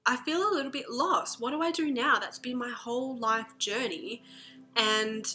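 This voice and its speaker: A woman's voice: a little high, moderate pace, pushed and bright, soft background music. A woman voicing a driven young female rugby player who speaks in eager, breathless exclamations. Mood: lost.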